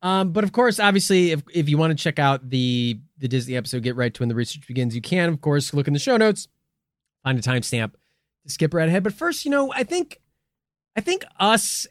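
A man hosting a comedy podcast, rambling deadpan with lots of fillers. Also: a little high, normal speed, no room sound, studio quality. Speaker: podcast host. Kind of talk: casual comedic chat.

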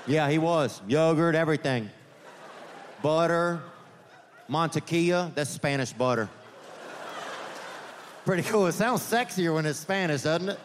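A man working through a stand-up set at a live comedy venue. He talks in a rambling way, with deadpan asides and frequent restarts. His voice sits a little on the high side for a man, and a faint hum of ambience hangs behind him. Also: measured pace, pauses often.

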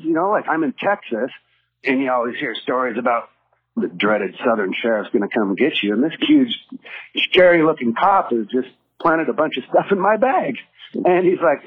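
A man tells a story in a loose, conversational way, and his pitch jumps around as he acts out the cop's lines. His voice has a slight husk to it. The audio sounds a bit dull, with faint music playing underneath. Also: lively intonation, a little slow, slightly rough. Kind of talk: casual anecdote telling.

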